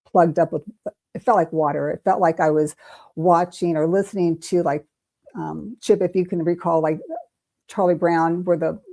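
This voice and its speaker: An older woman recounts a personal experience as an interview guest, her voice low and mellow. She talks animatedly and slips into the voices of the people she quotes. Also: fairly even intonation, moderate pace, gravelly. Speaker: intuitive reader, interview guest. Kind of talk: storytelling in an interview.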